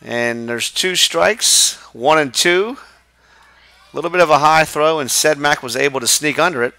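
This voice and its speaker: A man calling a high school baseball game play by play from the press box, brisk and chatty. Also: bright, forceful tone, no room sound. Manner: brisk, chatty, laughs with partner. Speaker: play-by-play announcer. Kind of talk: live baseball play-by-play commentary.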